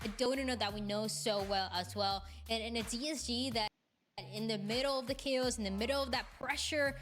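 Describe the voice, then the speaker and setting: A woman analyzing an esports match in a measured way, often restarting her phrases. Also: on the high side, a bit bright, soft background music.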